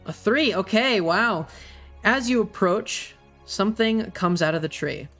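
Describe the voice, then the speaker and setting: Young male game master, high-ish voice, hesitant narration, faint music under. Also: animated, a bit bright. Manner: halting, many ums and uhs.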